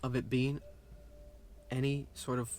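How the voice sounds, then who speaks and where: A man's voice: medium pitch, little pitch movement, measured pace, darkish tone, a little hiss or hum. Rambling young man, casual chat. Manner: rambling, with restarts. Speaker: vlog co-host.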